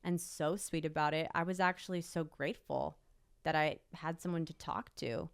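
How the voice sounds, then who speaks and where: A woman's voice: deep voice, fairly even intonation, normal speed, gravelly, clean tone, no echo. A young woman, an interview guest, emphatically retelling a personal story and quoting what people said. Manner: emotional, emphatic retelling with quoted dialogue.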